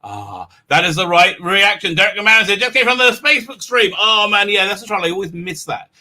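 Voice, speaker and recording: Rambling English man, bright high voice. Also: lively intonation, a little fast. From England. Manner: rambling, crude, many filler restarts, bursts of loud laughter. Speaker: livestream host. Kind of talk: casual livestream chat.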